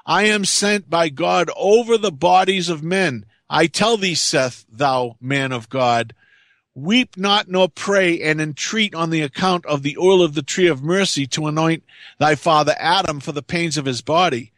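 A man's voice: on the high side, measured pace, a bit bright, dry recording, studio quality. A man reading as the angel Michael, solemn messenger. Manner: solemn, authoritative, archaic speech.

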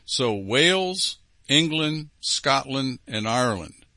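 A man's voice: medium pitch, expressive, takes it slowly, pushed and bright, no room sound. A man hosting a program, reading listener letters aloud and commenting on them with emphatic repetition. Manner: emphatic, repeats key phrases.

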